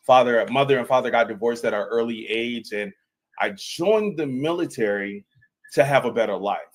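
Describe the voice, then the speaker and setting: A man's voice: medium pitch, rough recording. A man, a former airman, telling a personal story on a panel, earnest and emphatic with frequent restarts. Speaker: panel guest, veteran.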